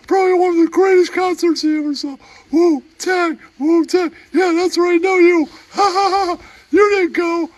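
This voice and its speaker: A shrill giggling puppet. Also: male voice, steady tone, measured pace. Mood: giddy. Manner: giggly, shouts a catchphrase often. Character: goofy crude puppet man, giggling and shrill. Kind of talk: puppet comedy bit.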